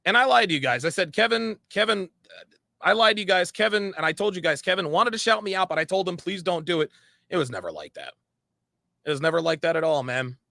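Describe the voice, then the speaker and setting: Bright, dry-voiced man venting. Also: fairly high pitch, sing-song, quick pace, vocal fry, no echo. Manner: emphatic, repeats phrases, frank. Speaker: online commentator. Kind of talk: candid monologue.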